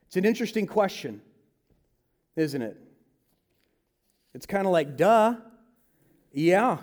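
High-voiced guy preaching slow and deliberate, goes loud then drops way down, does little voices of pushy salesmen. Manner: animated preaching, swinging from loud to hushed; mimics salesmen and advisers in quick asides. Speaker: pastor. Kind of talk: sermon.

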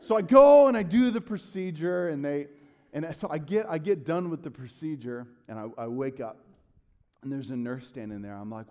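Animated storytelling male pastor. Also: fairly high pitch, moderate pace. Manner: animated storyteller, acts out his own outbursts loudly. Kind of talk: sermon storytelling.

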